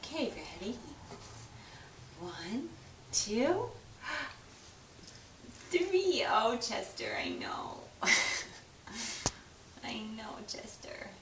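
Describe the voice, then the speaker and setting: Mom doing sing-song baby talk. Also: female voice, a little high, sing-song, drawn-out words, long pauses. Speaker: mother feeding her baby. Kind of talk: home video, talking to baby and dog. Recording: echoey room with faint noise.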